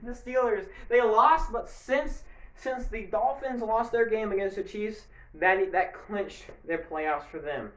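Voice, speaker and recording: A man's voice: high voice, slow pace, a bit bright. A man giving a casual, rambling sports recap to camera, breaking into bursts of mock play-by-play hype. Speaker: sports video creator. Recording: echoey room.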